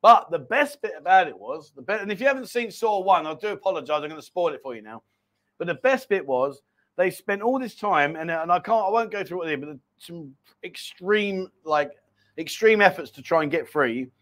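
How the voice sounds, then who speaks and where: A middle-aged man hosting a casual live chat show, talking in a rambling, animated storytelling way. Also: high-pitched, a little fast. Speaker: livestream host.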